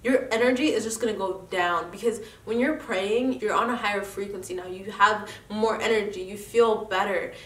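A woman's voice: mid-range voice, normal speed, few pauses, a bit bright. A young woman with a congested nose, giving an earnest, encouraging faith talk straight to her viewers. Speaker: vlogger host. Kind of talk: casual motivational faith talk. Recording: echoey room, mic at a distance.

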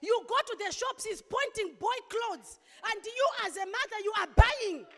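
A woman pastor delivering an impassioned sermon, with sudden loud outbursts. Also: extremely high pitch, lively intonation, normal speed. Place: church hall. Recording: long hall reverb.

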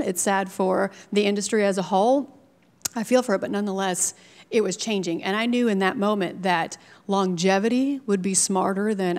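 A woman in her forties from Minnesota, a TV news anchor telling her personal story to a live audience, lively with asides. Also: medium pitch. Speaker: TV news anchor speaking at a startup event. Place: event venue. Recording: live talk with long hall reverb.

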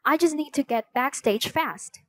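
A woman's voice: high voice, lively intonation, a little slow, voice pushed up. A woman voicing an eager young boy who talks in an earnest, urgent way.

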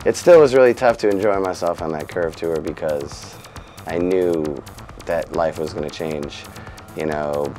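A man being interviewed, telling animated, profane anecdotes about his band. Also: deep voice, a little slow, soft background music, low-quality recording. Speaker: musician interviewee. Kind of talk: storytelling interview.

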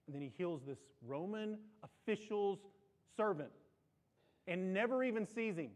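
A man preaching a sermon in a church, animated, often repeating and restarting his words. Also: normal speed. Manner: animated, climbs in pitch and volume for emphasis. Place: church sanctuary.

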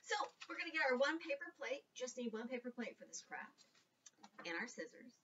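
A woman leading a children's storytime and craft lesson, animated and sing-song, talking directly to small children. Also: on the high side, fairly quick, far from the mic, highs cut off, very noisy. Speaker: children's librarian.

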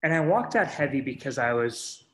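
A man's voice: medium pitch, big pitch swings, moderate pace, a bit bright. Earnest man telling a story, echoey room. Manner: earnest, strings sentences with "and so", addresses the audience as folks. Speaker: speaker sharing a story. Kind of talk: first-person storytelling talk.

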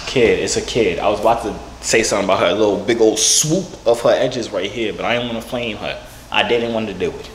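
A man's voice: on the low side, fast talker. A man in his twenties joking and teasing strangers in a casual video chat. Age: 20s. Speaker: vlogger. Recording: echoey with loud noise.

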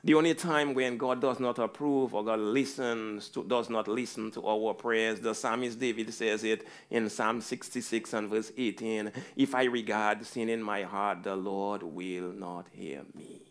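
A man's voice: on the low side, fairly even intonation, a little slow, hardly any pauses. A male pastor preaching a fervent sermon, rising into repeated pleading cries.

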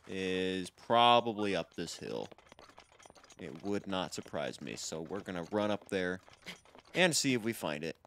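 A man with a low-sitting, slightly bright voice hosts a video game let's play, with game music in the background. His casual gameplay commentary rambles, and he jokes at his own expense while talking to viewers.

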